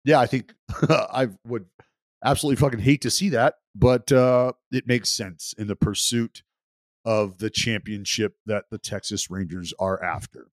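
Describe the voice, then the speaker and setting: A man co-hosting a baseball podcast, quick and rowdy, swearing freely in banter. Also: lowish voice, fairly even intonation, no room sound. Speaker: podcast co-host. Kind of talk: casual sports chat.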